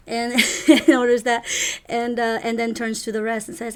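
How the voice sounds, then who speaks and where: A woman narrating a tabletop role-play game as game master, rambling and halting. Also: a little high, level tone. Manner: rambling, halting, many fillers.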